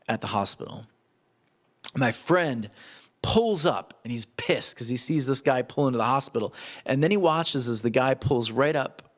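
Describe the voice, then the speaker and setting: A man preaching a sermon in an animated, conversational way. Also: medium pitch. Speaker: pastor.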